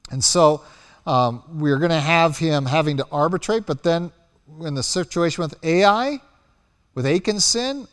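A man preaching a sermon, telling the story with animated delivery and acting out quotes as he goes. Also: a little high, measured pace, big-room sound.

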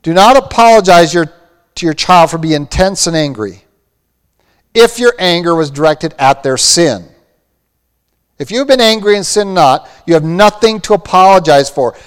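Guy preaching in a big echoey hall, high voice, earnest and pointed. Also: lively intonation, normal speed, clean tone. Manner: earnest preaching, quoting scripture. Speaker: pastor. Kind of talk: sermon.

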